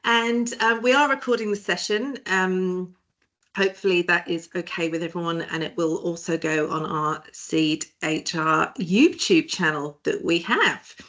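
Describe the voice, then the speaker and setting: A British woman who directs a small firm hosts a webinar heard over a video call, chatty and jokey with many hesitations. Her voice is fairly low and a bit bright, and she speaks at a measured pace.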